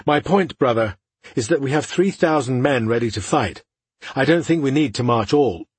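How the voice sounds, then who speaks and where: A man voicing a proud male lieutenant, speaking in a raised, slow, emphatic tone with a husky edge. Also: medium pitch, expressive, no echo. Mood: dismissive.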